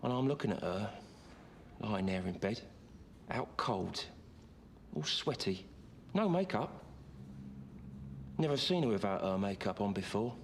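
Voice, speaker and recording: A man telling a comic first-person story in a rambling, deadpan, confiding way. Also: lowish voice, a little slow, pauses often, slight background noise.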